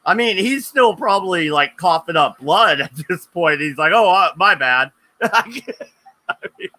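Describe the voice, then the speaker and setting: A man's voice: sits high, animated, a little slow, sharp tone, dry recording, poor audio. A man hosting a casual talk stream, telling crude stories bluntly and laughing often. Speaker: host. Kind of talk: casual profane storytelling.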